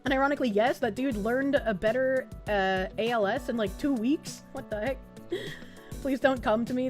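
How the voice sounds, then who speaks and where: Casual woman streamer, high voice, salty and giggly while reading chat. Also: faint music behind. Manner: profane, quick to laugh, reads chat messages aloud.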